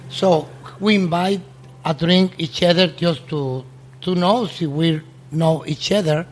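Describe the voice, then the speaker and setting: A restaurant owner telling a story in casual, halting English, often restarting his sentences. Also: a little high.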